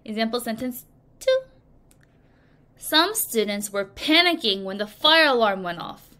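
A woman teaching English vocabulary to children in a recorded lesson, speaking slowly and clearly and acting out example sentences. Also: on the high side, animated, bright, forceful tone. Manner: slow, clear teacherly delivery with acted examples.

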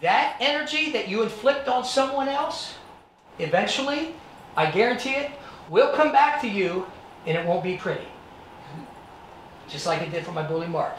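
A man's voice: sits high, big pitch swings, normal speed, pauses often, a bit bright, slight background noise. Man telling a dramatic story, echoey room. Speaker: actor and martial artist giving a presentation. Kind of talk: motivational storytelling to students. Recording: echoey room, distant mic.

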